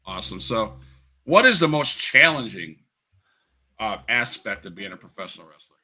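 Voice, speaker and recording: A man's voice: lowish voice, very animated, normal speed, bright, forceful tone, poor audio. A man hosting a podcast interview, giving brief, upbeat replies and asking questions. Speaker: podcast host.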